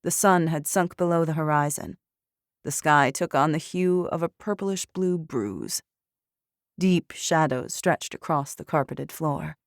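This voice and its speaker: A woman narrates a thriller audiobook in a low, unhurried voice, measured and steady. The recording is close and dry, with no room sound. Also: dry recording.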